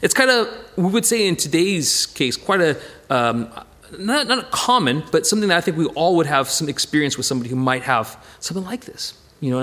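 A man leading an informal Bible study, talking it through conversationally with frequent restarts and emphatic bursts. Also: mid-range voice. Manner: animated and emphatic. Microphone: presentation with slides.

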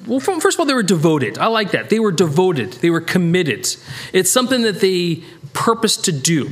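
This is conversational Bible teaching from a man in the United States. He talks loosely and keeps cutting himself off to start over, breaking into sudden emphatic bursts where his voice leaps up in pitch.

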